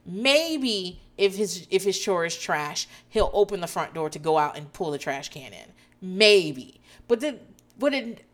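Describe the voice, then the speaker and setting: A woman in her thirties, a mother of four, telling a story in casual chat, animated and quick to swear and laugh. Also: mid-range voice.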